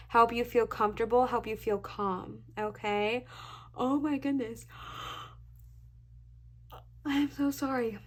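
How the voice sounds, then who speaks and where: Young woman doing a tarot reading for her viewers, kinda high voice, super chatty and reassuring, keeps saying okay bestie. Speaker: tarot reader. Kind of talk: casual pick-a-card tarot reading to camera.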